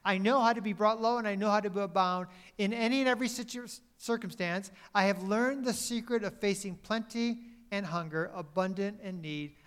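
A male pastor delivers a sermon in a high-pitched, fairly quick, clean voice. He alternates between emphatic, louder lines and quiet, dropped phrases, and sometimes corrects himself mid-sentence.

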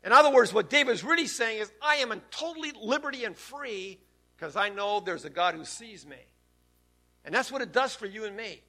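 A man preaching a sermon, his voice sitting high and bright. He drops to near hushes and then builds up to loud, emphatic lines. The delivery is that of a pastor speaking to his church. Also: lively intonation, brisk. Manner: preaching with sudden swings between loud and soft.

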